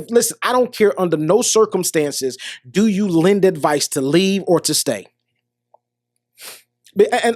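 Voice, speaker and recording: A man's voice: sits high, darkish tone, no echo. Earnest male podcast host, dry sound. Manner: earnest, repetitive, restarts often, addresses listeners directly. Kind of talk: motivational monologue.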